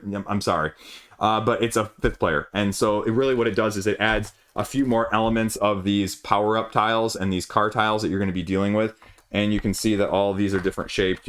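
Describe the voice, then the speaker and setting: Chatty low-voiced man unboxing games. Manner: rambling, chatty, self-correcting. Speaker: board game channel host. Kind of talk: casual unboxing chat.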